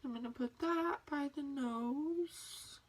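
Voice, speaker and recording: A young woman vlogging a casual makeup tutorial, talking with a rough morning voice, chatty and in a rush, filmed on her phone at home. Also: sits high, recorded from a distance. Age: young adult. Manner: rushed, chatty, laughs often. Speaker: beauty vlogger. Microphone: phone on tripod.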